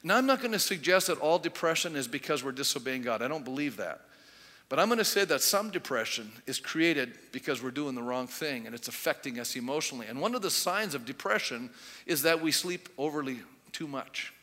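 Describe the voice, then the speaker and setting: A man's voice: on the high side, animated, fairly quick, bright, forceful tone. A man preaching a sermon in a conversational way, asking rhetorical questions as he goes. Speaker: pastor. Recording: long hall reverb.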